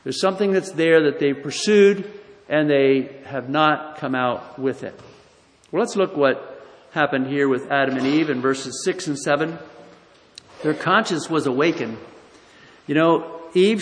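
A man preaching a sermon, emphatic, swinging between loud declarations and hushed storytelling. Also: fairly high pitch, measured pace. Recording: echoey hall, somewhat distant.

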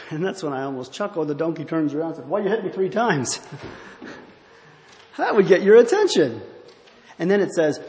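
A man's voice: fairly high pitch, a little mellow. Man preaching in an echoey church. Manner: rambling, searching for words, musing. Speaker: pastor. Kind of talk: sermon. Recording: echoey hall, faint ambient noise.

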